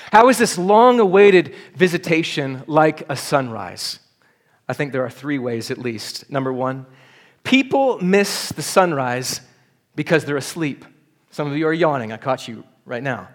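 A male pastor delivers a sermon in church, his speaking voice sitting a little higher than most men's. He preaches earnestly and presses into urgent appeals to the congregation. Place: church service.

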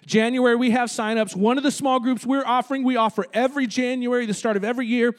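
A man's voice: very high voice, fairly even intonation, fast. A male pastor preaching a conversational sermon in a church, calling out to the congregation. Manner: conversational preaching with audience call-outs. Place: church sanctuary.

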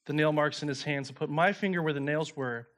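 A man preaching a sermon, calmly explaining and reading scripture. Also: a little high, a little fast.

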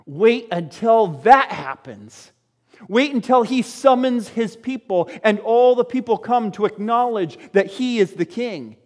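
A man preaching a sermon as a pastor, speaking in a lively way to his congregation. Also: very high voice, a little slow, in a large hall.

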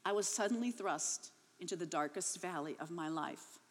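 A woman's voice: fairly low pitch, moderate pace, breathy edge, in a large hall. A woman in her fifties giving an emotional spoken testimony, her voice rising and breaking as she tells it. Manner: reads her daughter's account, then tells her own, voice rising and breaking with emotion.

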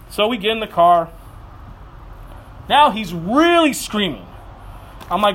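A man in his thirties preaching a sermon, earnest and animated, telling family stories with quick asides. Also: very high-pitched. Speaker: pastor.

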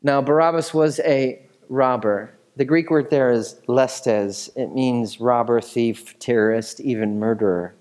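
A man's voice: mid-range voice, unhurried, hardly any pauses, a little mellow. A man preaching a sermon as a pastor, teaching in a casual, conversational way with asides and questions to the congregation.

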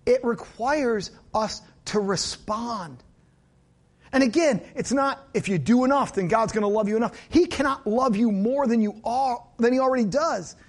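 Man, pastor, high-pitched, chatty sermon with jokes. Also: normal speed. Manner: conversational preaching with asides and jokes.

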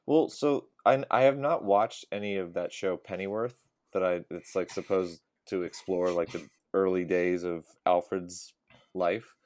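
A man guesting on a casual podcast, relaxed and laughing often. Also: deep voice, a little slow, no room sound. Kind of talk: casual chat.

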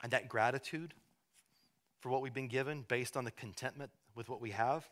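Preaching a sermon, the male pastor shifts from soft, slow stresses to a loud, high-pitched intensity. Restarts are common, with words often repeated.

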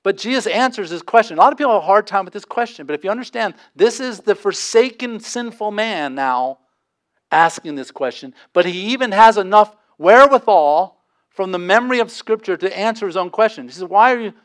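A man's voice: sits high, lively intonation, a bit bright. Impassioned man preaching a sermon. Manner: impassioned preaching with dramatic pauses. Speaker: pastor.

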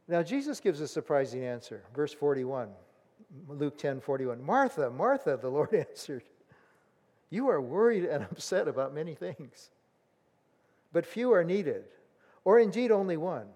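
A man preaching a sermon in a conversational, animated way, acting out the voices of people in the story. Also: a little high, normal speed, long reverb tail. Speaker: pastor.

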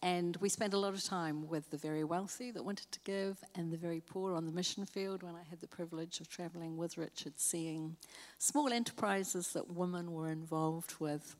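A New woman telling a story as a panel guest, reflective and unhurried. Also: lowish voice, steady tone. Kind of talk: on-stage panel interview. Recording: hall reverb.

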